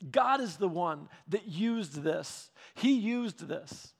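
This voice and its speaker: A man preaching a sermon, retelling scripture in a conversational, animated way, acting out quotes and dropping soft and slow when he reads verses. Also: high-pitched, gravelly. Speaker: pastor.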